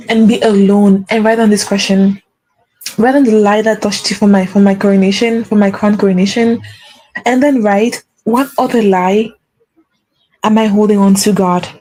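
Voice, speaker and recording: A woman's voice: mid-range voice, darkish tone, low-quality recording. A woman giving an earnest spiritual pep talk as a faith coach, repeating key phrases for emphasis.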